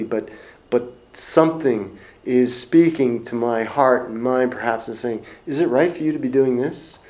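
A middle-aged man preaching a sermon in an earnest, reflective manner, pausing and repeating phrases. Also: mid-range voice, darkish tone.

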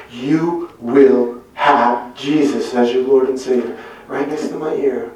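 A middle-aged man gives a personal testimony in church, speaking earnestly with wry, self-deprecating humor. His voice is mid-range and a little mellow. The recording is very echoey, with the mic placed far away.

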